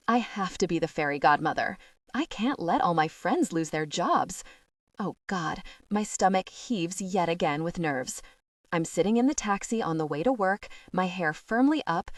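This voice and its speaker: A woman reading a first-person novel aloud as an audiobook narrator, expressive and rising into breathless worry. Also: fairly low pitch, no echo, clean studio sound, recorded from a distance.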